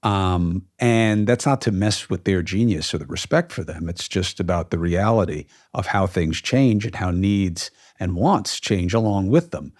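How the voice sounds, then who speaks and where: A man with a low voice hosts a podcast in a casual, opinionated way. He talks emphatically and often pauses on ums and uhs. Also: darkish tone. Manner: emphatic, frequent fillers. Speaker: podcast host.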